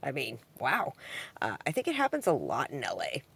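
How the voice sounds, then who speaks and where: A woman's voice: extremely low pitch, wildly swooping pitch, normal speed, gravelly, a bit bright, slightly rough. A woman talking in a casual, rambling vlog monologue at home, full of ums and likes, swinging from subdued to heated. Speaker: vlogger answering a comment. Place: at home with her cat.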